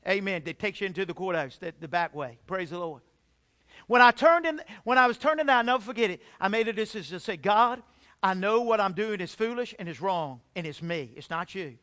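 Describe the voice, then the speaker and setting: Middle-aged male pastor, high bright voice, emphatic sermon testimony. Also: brisk. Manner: emphatic, testimony-style preaching with swings in loudness.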